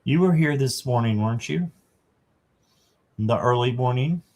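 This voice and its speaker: A man's voice: medium pitch, normal speed, a little mellow. A man doing a casual live tarot reading, chatting to viewers and reading the card text aloud. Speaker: tarot reader.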